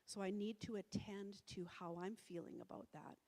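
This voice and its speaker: A woman's voice: mid-range voice, steady tone, normal speed, dark tone. A middle-aged woman giving a conversational public talk in a church hall, with many fillers and restarts. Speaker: presenter. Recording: reverberant hall.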